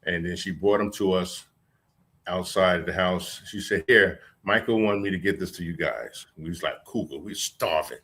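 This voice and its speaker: A man guest in a casual interview, telling stories slowly and haltingly with restarts. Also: deep voice, fairly bright tone, husky. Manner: slow, halting storyteller with restarts. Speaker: guest, former security man.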